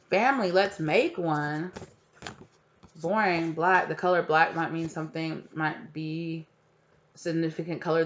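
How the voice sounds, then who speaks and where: A woman's voice: low-pitched, highs cut off. A woman giving a casual, rambling tarot reading at home, full of fillers and asides. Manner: rambling, filler-heavy, chatty. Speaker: tarot reader. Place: home with a cat.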